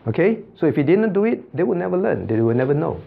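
Brief: male pastor leading a Bible class, animated pitch, muffled lo-fi sound, quizzes students by name. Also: fast, vocal fry. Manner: calls on students by name, repeats points with checking questions. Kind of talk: Bible study teaching with questions to the class.

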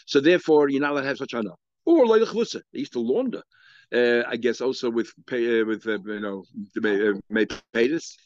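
This is a Talmud teacher giving a daily lecture, his mid-range voice animated and a little fast. He speaks Yeshivish English, mixing in Hebrew and Aramaic terms, and thinks aloud with many fillers and restarts. The recording is dry and lo-fi.

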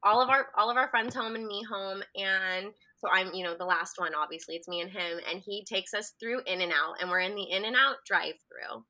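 A woman's voice: mid-range voice, fairly quick, hardly any pauses. A young woman telling a story in casual chat, laughing often as she talks. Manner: giggly, animated storyteller. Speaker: guest.

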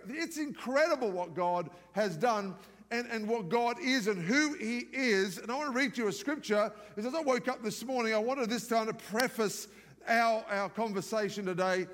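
A male pastor preaching a live church sermon in a lively, conversational way, with humorous asides. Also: sits high. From outside the United States. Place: large church auditorium. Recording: long reverb of a large church hall.

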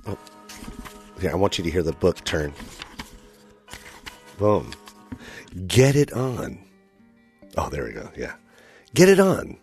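A man's voice: low voice, huge pitch swings, slow, long pauses, a little mellow, soft background music. A man hosting a casual comedy podcast, playful and teasing, hamming things up with his friends on a studio mic. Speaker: podcast host.

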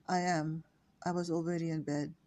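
Downcast young woman, tense and withdrawn, flat delivery; older woman reader. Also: low-pitched, moderate pace, close to an everyday voice. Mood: upset. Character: lonely, upset young woman.

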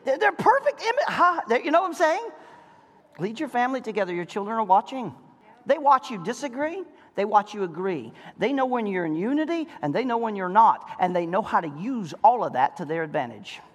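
A middle-aged pastor preaching a sermon to married couples, firing rhetorical questions and acting out voices. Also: male voice, high-pitched, sing-song, a little fast, fairly bright tone. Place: church sanctuary. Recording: reverberant church hall.

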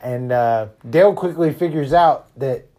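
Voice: medium pitch, measured pace, mellow. A co-host in casual chat, retelling a movie with a friend in a laid-back way, chuckling and finishing the other's sentences. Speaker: podcast co-host.

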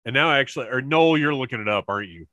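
A man co-hosting a casual chat show over a remote call, excitable and quick to laugh. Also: medium pitch, no echo, highs cut off. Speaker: podcast co-host. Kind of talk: casual chat about a cartoon.

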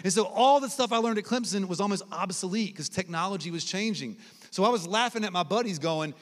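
A man preaching to a college crowd, telling lively conversational stories and dropping to soft, low tones for emphasis. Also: fairly quick. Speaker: guest preacher. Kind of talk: sermon with personal stories. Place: large hall at a college ministry gathering. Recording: long hall reverb.

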